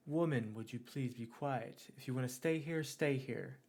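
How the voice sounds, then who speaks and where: A brusque adventurer barks orders at his companions, as a tabletop player puts him on. The man's voice is mid-pitched and blunt, with casual cursing and a commanding edge. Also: moderate pace, darkish tone, natural voice. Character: brusque male adventurer leading old comrades.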